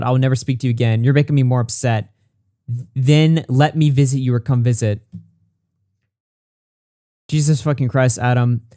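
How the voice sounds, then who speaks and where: A man's voice: medium pitch, warm tone, dry recording, clean studio sound. A man hosting a commentary show, reading messages and reports aloud and reacting bluntly, with plenty of swearing. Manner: blunt, profane, reads texts quickly. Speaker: commentary channel host.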